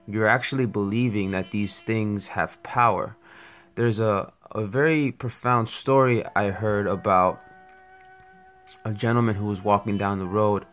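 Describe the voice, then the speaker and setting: A man's voice: on the low side, fairly bright tone. A man giving an earnest, reflective spiritual talk, telling a parable along the way. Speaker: spiritual teacher. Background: faint music.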